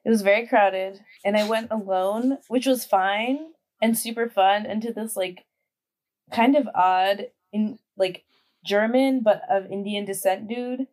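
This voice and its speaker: A woman's voice: medium pitch, measured pace, darkish tone. Young woman podcast guest, casual, filler-heavy storyteller. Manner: chatty, heavy use of "like" fillers. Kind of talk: casual chat.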